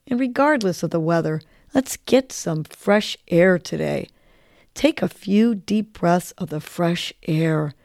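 A woman's voice: mid-range voice, vocal fry, darkish tone, dry recording, studio quality. A woman hosting a podcast, guiding listeners through a breathing exercise in a soothing, encouraging way. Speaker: podcast host and breathing coach.

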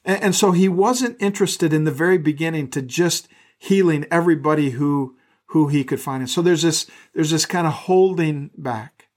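Higher-voiced man preaching conversationally. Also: normal speed, darkish tone. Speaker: pastor. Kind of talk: sermon.

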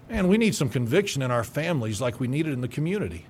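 A pastor preaching a radio sermon, forceful and emphatic, stumbling over repeated words as he builds up. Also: mid-range voice, very animated, fast, few pauses, husky.

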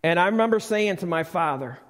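This live church recording, heavy with long reverb, has a middle-aged man preaching conversationally in the sanctuary and asking his congregation questions. His high voice moves with lively intonation, and he talks a little fast.

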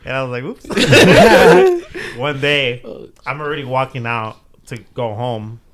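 Slow-paced but with pitch swooping wildly, this young podcast co-host spins a casual, profane yarn, breaking into laughter and acting out quotes. His voice is mid-range with a slightly bright edge.

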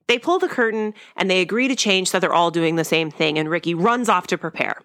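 A woman's voice: on the low side, animated, fairly quick, few pauses, a bit bright, no echo, clean studio sound. A young woman hosting a podcast, recapping a sitcom episode in a chatty, wry and opinionated way. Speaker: podcast host.

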